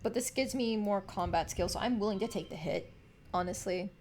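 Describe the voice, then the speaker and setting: A woman streaming a game, chatty and quick to laugh as she comments and reads aloud. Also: mid-range voice, darkish tone, a little hiss or hum. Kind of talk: casual game playthrough commentary and reading.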